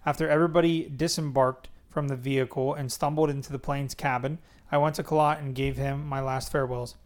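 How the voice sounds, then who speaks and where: A man's voice: medium pitch, fairly even intonation, fairly quick. A man hosting a podcast, reading a memoir aloud in a casual way and stopping to joke about it. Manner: reads plainly, breaks off to joke. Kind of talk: casual read-aloud with banter.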